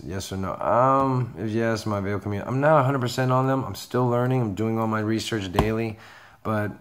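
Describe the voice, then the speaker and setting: A young man chatting casually as he answers viewer questions about caring for reptiles, rambling and reassuring. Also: fairly low pitch. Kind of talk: casual Q&A video.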